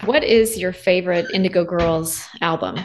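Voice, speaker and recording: Lower-voiced woman podcast host. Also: moderate pace, darkish tone, soft background music. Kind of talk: interviewing.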